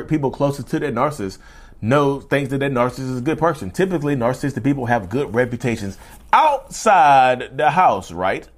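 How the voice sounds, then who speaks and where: A man hosting his own podcast in a casual, animated solo monologue, often repeating and restarting himself as he goes. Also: mid-range voice. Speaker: podcast host.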